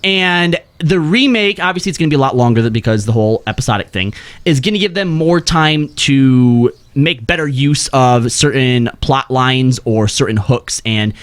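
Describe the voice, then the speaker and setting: A man's voice: medium pitch, expressive, moderate pace, smooth. A man hosting a gaming podcast, joking and teasing in casual chat. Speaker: podcast host.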